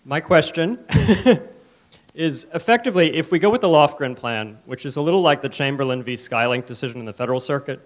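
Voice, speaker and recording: A young man stands in the audience and asks a long, technical question. His pitch is ordinary for a man, and his wording is precise. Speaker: audience member asking a question.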